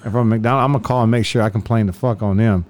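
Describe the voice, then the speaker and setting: Profane cop telling stories. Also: male voice, fairly low pitch, fairly even intonation, fast talker, darkish tone. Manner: profane, laughing through stories. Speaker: police officer. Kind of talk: casual podcast storytelling.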